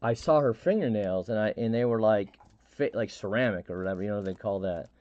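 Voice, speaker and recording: A middle-aged man hosting a live stream, telling a story in a halting, rambling way with many restarts and fillers. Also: on the low side, darkish tone, no room sound, highs cut off. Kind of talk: casual storytelling chat.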